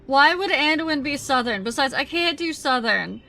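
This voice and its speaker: A woman's voice: high voice, animated, normal speed, vocal fry, pushed and bright, soft background music. A young woman streamer chatting casually with her viewers during a game, giggly and chatty. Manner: chatty and giggly, talks to chat.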